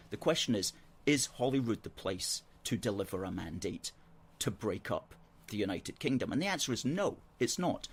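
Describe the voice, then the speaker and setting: A man hosting a political call-in show, arguing his points in a measured, earnest way and reading out viewer comments on a studio microphone. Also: on the low side, breathy edge.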